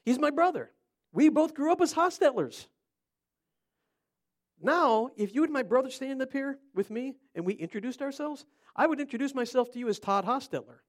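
A man's voice: very high-pitched, expressive, normal speed. A middle-aged man from Ohio preaching an interactive sermon, chatting with his listeners and quizzing them by name. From Cleveland, Ohio.

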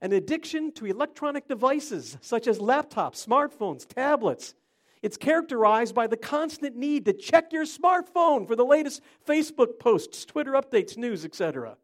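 A man's voice: very high-pitched, big pitch swings, normal speed. A middle-aged man from Ohio preaching an interactive sermon, chatting with his listeners and quizzing them by name. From Cleveland, Ohio.

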